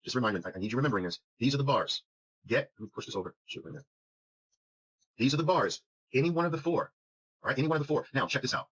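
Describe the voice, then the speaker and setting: Emphatic, fast husky male trading teacher. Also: medium pitch, animated, fairly bright tone, rough recording. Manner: emphatic, drills points with repeated questions. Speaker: trading instructor. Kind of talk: recorded chart lesson.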